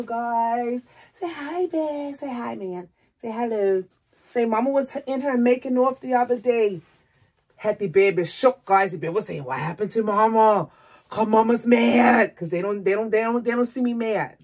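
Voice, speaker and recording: A woman with a fairly high voice chats casually to her viewers at home. She keeps calling out to the audience and to her dolls in a loose, rambling vlog manner. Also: a little mellow. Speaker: doll hobby vlogger. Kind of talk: casual chat to camera.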